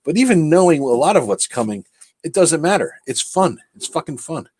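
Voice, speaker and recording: A man's voice: a little high, sing-song, brisk, darkish tone, breathy edge, dry recording. A man on a casual livestream chat as a guest, laughing often and swearing casually.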